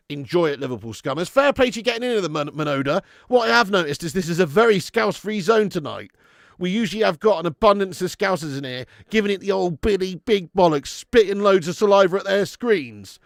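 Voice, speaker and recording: A man's voice: fairly high pitch, brisk, gravelly, no room sound, studio quality. A man hosting a live football watch-along, swearing often and reading out viewer messages. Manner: sweary, animated, reads viewer messages aloud. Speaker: fan channel host.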